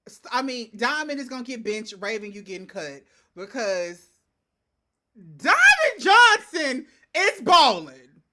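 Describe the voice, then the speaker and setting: A woman co-hosting a casual sports talk show, animated and repeating phrases for emphasis. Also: medium pitch, moderate pace, a little hiss or hum. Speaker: podcast co-host.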